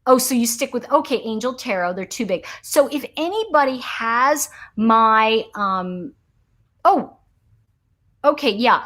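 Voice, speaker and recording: Lively woman telling a story. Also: a little high. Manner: animated storyteller, laughs often; reads out and answers viewer comments. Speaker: livestream host. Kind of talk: casual livestream chat.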